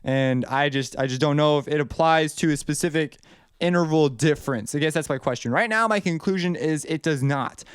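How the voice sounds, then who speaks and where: A young man teaches melody writing in an easygoing, conversational way, often restarting sentences and thinking out loud. His voice sits a little high and sounds smooth and clear. The recording is close and dry. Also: brisk, no room sound. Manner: loose and conversational, many restarts, thinks aloud. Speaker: music composition teacher. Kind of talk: casual video lesson.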